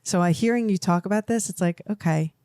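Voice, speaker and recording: A woman's voice: mid-range voice, fairly quick, warm tone, smooth, no room sound, clean studio sound. A middle-aged woman co-hosting a podcast, chatting casually and telling emotional, rambling stories. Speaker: podcast co-host. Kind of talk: casual chat.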